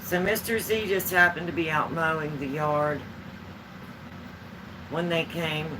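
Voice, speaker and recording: A woman's voice: deep voice, steady tone, measured pace, noisy background. A woman vlogger chatting at home, telling homespun stories in a rambling, easygoing way. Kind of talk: casual storytelling chat.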